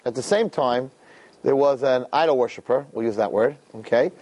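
A man teaches a weekly religious class, mixing in stories and speaking straight to his listeners with lots of repetition, all in an animated manner. His voice is mid-range at a moderate pace, and the recording is rough.

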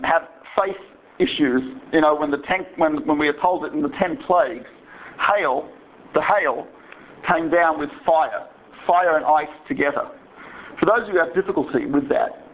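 A man's voice: on the high side, low-quality recording. A man giving a humorous talk, animatedly telling anecdotes and acting out the voices in them. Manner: animated storytelling, acts out voices.

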